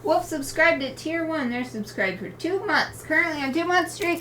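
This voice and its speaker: Her voice sits high, moving at a moderate pace with few pauses, over heavy background noise. She's a woman artist live-streaming a drawing session, chatting casually and narrating each coloring step. She's upbeat, warm in her greetings, and laughs often.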